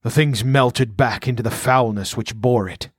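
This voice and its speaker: Man playing a gruff barbarian king, growling, forceful, storybook reading, dry sound. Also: mid-range voice, moderate pace, no room sound, close to an everyday voice. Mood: wrathful. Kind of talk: audiobook character voice.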